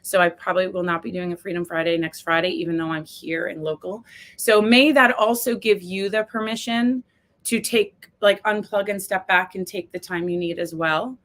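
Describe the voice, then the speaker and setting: A woman's voice: fairly low pitch, fairly even intonation, normal speed, fairly bright tone. A woman from the United States, a coach hosting her own live video series, talking candidly to viewers while close to tears and swearing freely. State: tearful, close to crying. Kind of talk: casual live-stream talk to viewers.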